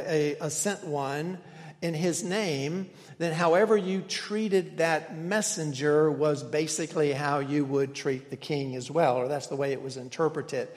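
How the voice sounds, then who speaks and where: High-voiced male pastor preaching in a reverberant hall. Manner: earnest, asks the congregation questions. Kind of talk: sermon. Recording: long reverb of a large room.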